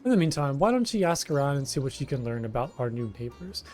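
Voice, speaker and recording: A man reading aloud a friendly letter from a male adventurer, in an even reading voice. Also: medium pitch, quick pace, faint music behind, close to an everyday voice. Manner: read aloud evenly from a letter.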